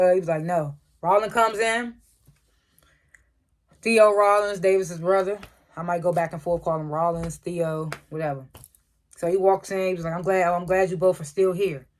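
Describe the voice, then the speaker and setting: A TV reviewer giving a casual, profane recap of an episode, chuckling often and acting out the characters' lines. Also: mid-range voice. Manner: chuckles often while retelling scenes; acts out characters' lines in quick quotes.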